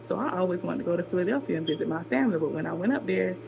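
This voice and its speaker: A woman from Georgia with a Southern accent, talking casually to camera in a response video, encouraging a viewer with drawn-out, repeated phrases. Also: on the low side, animated, gravelly, lo-fi sound, background noise. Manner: warm, repetitive encouragement with drawn-out emphasis. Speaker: vlogger making a response video.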